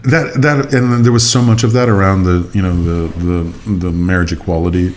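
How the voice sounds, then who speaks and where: A man co-hosting a podcast, musing aloud in casual conversation over drinks, with many halting restarts. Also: sits low, fairly even intonation. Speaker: podcast co-host.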